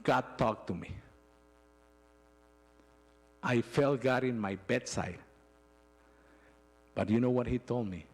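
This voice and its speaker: In a church sanctuary, a middle-aged man with a medium-pitched voice gives a personal testimony. He tells his story emotionally and haltingly, often starting over.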